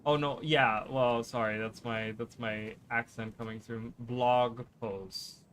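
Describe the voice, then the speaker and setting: A man streaming live gameplay who chats fast and rambles, often restarting his sentences. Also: medium pitch, fairly even intonation, fairly bright tone, slight background noise. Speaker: gaming streamer.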